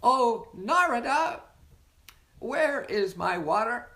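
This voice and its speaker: A spiritual meeting leader voicing the Supreme Spirit as a calm divine lord who gently asks for a favour, in a slow, drawn-out way. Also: medium pitch, full character voice. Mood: gentle.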